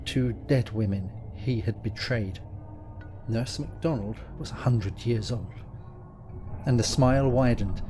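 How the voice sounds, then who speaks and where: A man's voice: mid-range voice, darkish tone, low-quality recording. Man reading a gothic ghost story. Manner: measured, dramatic storytelling. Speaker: narrator.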